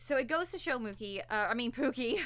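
Young woman co-host, casual episode recap, bright and a bit high, dry close sound, slips into characters' voices. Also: a little fast, no room sound. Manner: animated, acts out characters' lines while retelling. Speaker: podcast co-host.

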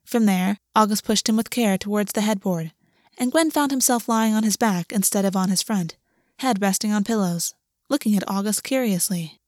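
A woman narrating a story aloud in a steady, even reading voice. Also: medium pitch, normal speed, no echo, studio quality. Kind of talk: audiobook reading.

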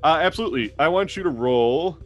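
A man running a tabletop role-playing game as game master, narrating in a halting way full of fillers and restarts. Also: a little high, animated, fairly bright tone, soft background music.

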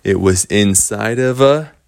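A man improvising a bedtime story for a child, talking slowly with restarts and repeated words. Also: on the low side, vocal fry. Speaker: parent telling a bedtime story.

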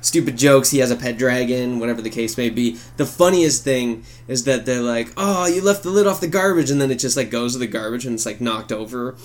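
A man co-hosting a podcast in casual chat, animated and swearing freely as he acts out scenes in silly voices. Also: medium pitch, brisk, hardly any pauses. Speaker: podcast co-host.

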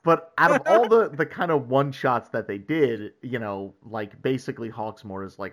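A man's voice: medium pitch, animated, moderate pace, hardly any pauses, fairly bright tone. A man hosting a casual chat, joking around and retelling stories in a rambling way.

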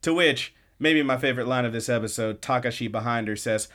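A man co-hosting a podcast, casually retelling an episode and tossing in quick snippets of the characters' lines. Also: mid-range voice, a bit bright. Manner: loose, chatty retelling with quick snippets of quoted dialogue. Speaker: podcast co-host.

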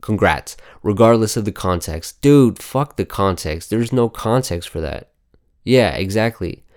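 Male host for off-the-cuff news talk: blunt and profane, with a low, resonant voice. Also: lively intonation, measured pace, darkish tone. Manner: reads headlines aloud and reacts with heavy swearing; blunt, outspoken. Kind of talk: casual news commentary.

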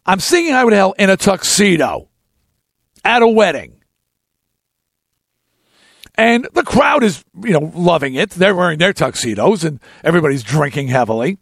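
A man in his sixties hosting a talk show, telling a long story in an animated, ranting way and acting out other people's lines. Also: high voice, normal speed, vocal fry, long pauses, dry recording, clean studio sound. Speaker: podcast host telling a story.

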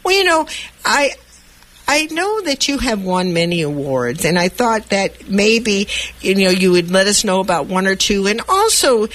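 Woman host, mid-pitched voice, affirming, rambling questions, lots of restarts. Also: big pitch swings, unhurried, a bit bright. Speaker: radio show host. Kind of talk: interview talk.

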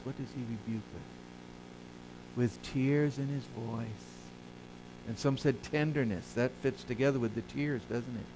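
A male pastor preaching a sermon who asks the congregation questions and answers them himself, moving between soft low asides and loud emphatic rises. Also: slight background noise, low-quality recording.

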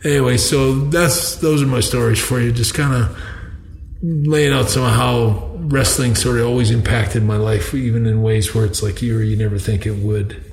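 A man's voice: mid-range voice, steady tone, moderate pace, vocal fry, a little mellow. An older man from Canada, a podcast guest telling a rambling story with many restarts and laughing at his own tales. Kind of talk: casual storytelling. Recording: echoey room.

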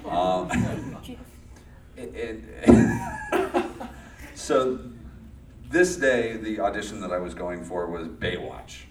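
A man's voice: fairly low pitch, huge pitch swings, extremely slow, pauses often, echoey room, far from the mic, background noise. A man from Los Angeles telling a story to a live audience, often restarting sentences and laughing. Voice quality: rambling, self-interrupting, laughs often. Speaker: guest, former child actor.

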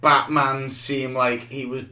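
A podcast co-host tells stories with lots of energy in a casual conversation, acting out what people said. His voice is medium in pitch and he takes his time, and the room gives the recording a noticeable echo.

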